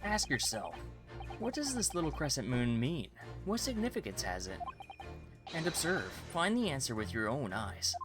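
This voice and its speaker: A man doing a pompous gentleman detective. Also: mid-range voice, very animated, normal speed, over music, close to an everyday voice. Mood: lecturing. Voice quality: attempted Spanish accent, put on. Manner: theatrical, lofty and lecturing. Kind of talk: reading game dialogue aloud in voices.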